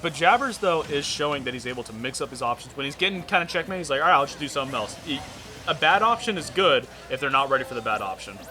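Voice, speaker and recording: A man commentating a live fighting-game match, breaking down the players' options in quick play-by-play with jokes. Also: medium pitch, lively intonation, pushed and bright, faint music behind. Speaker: esports commentator.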